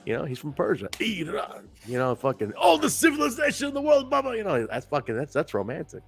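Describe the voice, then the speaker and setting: A man's voice: on the high side, wildly swooping pitch, fast, creaky, breathy edge, faint music behind. A man co-hosting a casual wrestling review podcast, talking in a rambling, profane way and laughing often. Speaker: podcast co-host.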